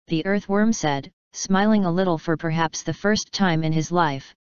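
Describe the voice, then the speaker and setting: Brief: lowish female narrator, crisp and smooth, dry, slightly dull recording. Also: normal speed, hardly any pauses, no echo. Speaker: audiobook narrator. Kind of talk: scripted story narration.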